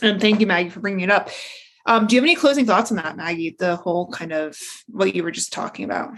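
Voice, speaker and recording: A woman's voice: on the low side, fast, a bit bright. Blunt, sweary woman podcast host. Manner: blunt, profane, interrupting. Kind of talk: casual podcast chat.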